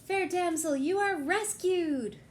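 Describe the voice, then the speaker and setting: Bold storybook elephant knight, as a woman reads him, declaiming, loud, high-pitched, lively. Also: takes it slowly, a little hiss or hum, heavily acted. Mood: heroic. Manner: heroic, declaiming. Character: brave, bold young elephant knight, male.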